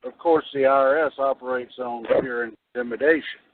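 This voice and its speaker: A man's voice: mid-range voice, fairly even intonation, brisk, dry recording. A man taking part in a talk show discussion, chiming in with brief agreeing remarks. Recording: phone line.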